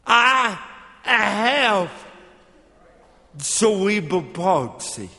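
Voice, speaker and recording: A middle-aged man with slurred, effortful speech, preaching a slow, emphatic sermon with call-and-response. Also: high voice, sing-song, bright, forceful tone. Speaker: evangelist. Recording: long hall reverb.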